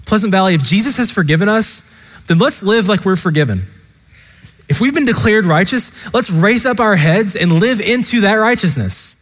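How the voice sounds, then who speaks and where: Bright-toned and high-voiced, this pastor preaches at a normal pace with animated delivery, his words carrying a long reverb tail. He speaks earnestly and passionately, addressing the congregation directly over and over.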